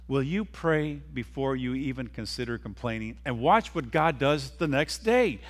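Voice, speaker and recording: A man's voice: medium pitch, animated, normal speed, few pauses. A middle-aged male pastor preaching a sermon emphatically, acting out quoted speakers and leading his congregation in repeating lines.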